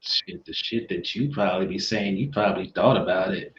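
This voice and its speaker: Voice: deep voice, brisk, roomy sound, lo-fi sound. A podcast co-host in casual chat, speaking bluntly and with plenty of swearing. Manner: blunt and profane.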